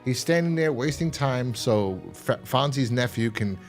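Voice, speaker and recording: A man chatting casually as a podcast co-host, his voice sitting at an ordinary middle pitch. He rambles through a plot recap, restarting sentences and now and then breaking into loud mock voices. Faint music plays behind him. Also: animated, a little slow. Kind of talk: casual horror episode review chat.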